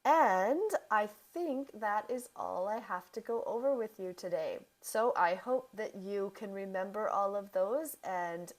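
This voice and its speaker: Slow, careful woman teaching. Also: mid-range voice, expressive. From Canada. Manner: careful, deliberate, repeating examples for learners. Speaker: English teacher. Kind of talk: slow, clear teaching explanation.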